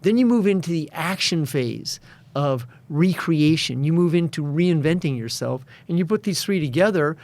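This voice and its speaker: Male coach guest, higher-pitched, confident storyteller. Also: expressive, normal speed, darkish tone, no room sound. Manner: storytelling, acts out quoted voices. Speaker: guest, success and addiction coach. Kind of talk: interview conversation.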